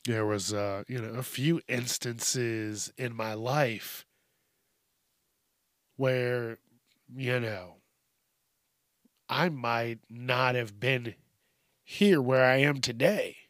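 This solo podcast host, in his thirties, has a mid-range, slightly bright voice captured by a studio microphone in a small home studio without room sound. He wanders, curses and keeps stopping to restart amid many fillers.

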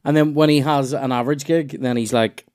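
A man's voice: medium pitch, steady tone, fairly quick, darkish tone. A Northern Irish man telling loose, rambling stories in casual podcast chat, with restarts and swearing.

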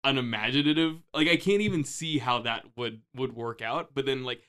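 A young man with a bright, crisp voice chats casually on a podcast. He jokes around and rambles through his points with plenty of filler words. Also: mid-range voice, moderate pace. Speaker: podcast co-host. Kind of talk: casual chat.

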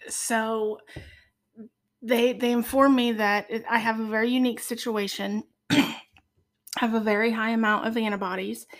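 A woman from Ohio, a podcast guest, tells her faith story in an earnest, heartfelt way with many pauses. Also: on the high side. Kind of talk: personal faith testimony.

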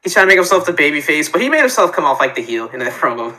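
Casual male podcast co-host: bright tone, a bit high, joking and animated. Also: racing, low-quality recording. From Florida. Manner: joking, animated, acts out mock dialogue. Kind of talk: casual chat.

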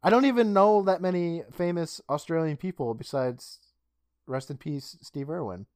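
A man's voice: a little high, moderate pace, darkish tone, clear, resonant tone, no echo, clean studio sound. Chatty, giggly man podcast co-host. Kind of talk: casual chat reading listener questions.

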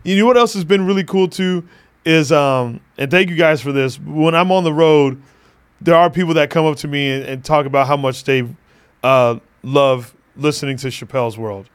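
A man's voice: fairly high pitch, moderate pace, smooth. Laid-back joking male podcast host. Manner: loose, joking, laughs often, swears freely. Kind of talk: casual podcast chat.

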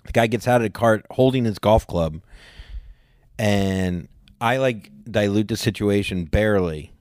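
A podcast co-host in his forties tells a story in casual chat, speaking a little slowly in a voice on the low side. He's an animated storyteller who jumps into a raised voice to act out what people said. The recording is dry and studio quality.

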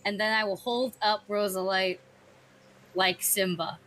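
A woman's voice: medium pitch, fairly even intonation, measured pace, fairly bright tone, slight background noise. A woman playing in a tabletop game, chatting casually and playfully in character. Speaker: player.

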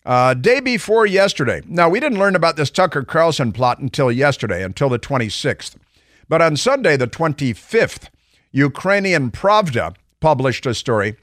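A man's voice: on the high side, sing-song, moderate pace, a bit bright, dry recording, studio quality. A man hosting a talk radio show, delivering a sarcastic monologue. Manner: sarcastic, mocking quoted voices.

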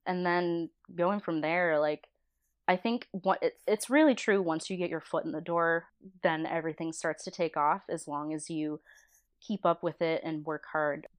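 A woman in her thirties talks casually as a podcast guest, recalling her early career. Her voice sits a little low and sounds smooth and clear. She tells stories animatedly, laughing and slipping into the voices of the people she quotes. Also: fairly even intonation, normal speed. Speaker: interview guest, storyboard artist. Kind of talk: casual chat.

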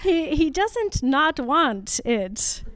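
A woman's voice: high-pitched, sing-song, drawn-out words, fairly bright tone. A young woman co-hosting a podcast in casual chat, teasing and giggling with exaggerated disbelief. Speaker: podcast co-host.

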